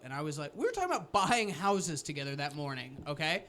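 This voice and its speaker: A man co-hosting a comedy podcast, telling an animated story full of deadpan dark jokes in casual chat. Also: on the high side, fairly quick, a little hiss or hum.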